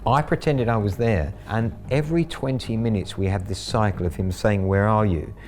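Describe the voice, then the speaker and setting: A man's voice: on the low side, moderate pace, darkish tone, soft background music. A middle-aged man telling the story of baiting a scammer, in a wry, gleeful interview manner. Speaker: scambaiter.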